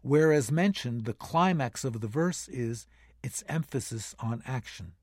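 A man reads a formal translated passage aloud, measured and even. The sound is dry and close, with no room around it. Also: mid-range voice, no echo. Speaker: reader. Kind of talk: reading a translated text aloud.

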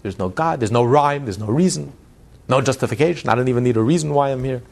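A man teaching a Hasidic text in a spoken lecture. He builds emphatic runs of repeated phrases, then drops to quiet, low asides. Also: quick pace, gravelly. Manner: swings between loud stress and low, quiet asides. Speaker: Torah teacher.

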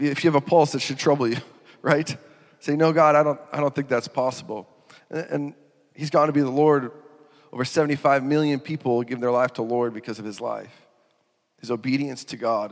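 A man preaching a sermon. He talks in an animated way, laughs, and acts out quotes in sudden loud, high bursts. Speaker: pastor. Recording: reverberant hall.

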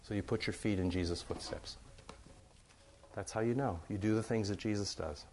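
A man's voice: lowish voice, normal speed, darkish tone, slight background noise. A man preaching to his congregation in a loose, conversational way, often repeating phrases for emphasis. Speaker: pastor. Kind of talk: sermon.

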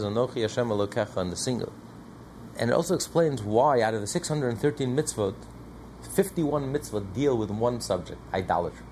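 Gravelly-voiced man teaching a Torah class. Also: mid-range voice, a little hiss or hum. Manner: animated, asks and answers his own questions.

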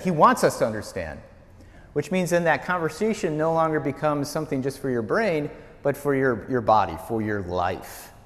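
A male pastor teaching a Bible study in a conversational, storytelling way. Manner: conversational storytelling, lively pitch. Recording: echoey hall reverb.

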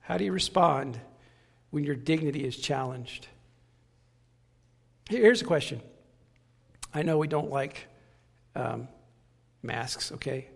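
A man's voice: on the high side, lively intonation, slow, vocal fry, long pauses, slightly rough, long reverb tail. A man preaching a sermon with passion, repeating key phrases for emphasis. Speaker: pastor.

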